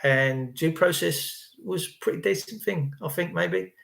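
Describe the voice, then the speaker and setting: A man talking casually to his viewers, animated, acting out other people's voices and repeating his points for emphasis. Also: on the high side, unhurried, vocal fry, roomy sound. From United Kingdom. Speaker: vlogger.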